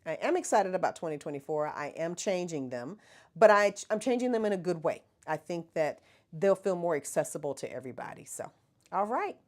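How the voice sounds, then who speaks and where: A woman's voice: on the low side, lively intonation, fairly quick, a little mellow. A middle-aged woman, chatting casually with viewers as the host of a livestream. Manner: chatty, laughs often, talks to viewers as y'all.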